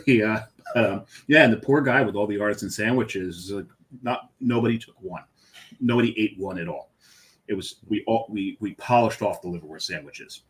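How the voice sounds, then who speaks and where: A man's voice: lowish voice, brisk, fairly bright tone. A middle-aged man co-hosting a podcast, telling rambling stories with many ums and restarts. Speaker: podcast co-host. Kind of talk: casual storytelling.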